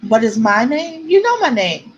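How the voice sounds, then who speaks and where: A woman's voice: high voice, sing-song, moderate pace, husky, highs cut off. A woman author chatting with her viewers on a livestream, answering comments and close to tears at times. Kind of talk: casual livestream chat.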